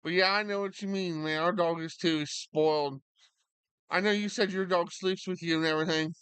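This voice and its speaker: A man's voice: high voice, fairly even intonation, fairly quick, fairly bright tone, clean tone, no echo. A man casually chatting on a live stream at home, rambling to his viewers and his dog beside him.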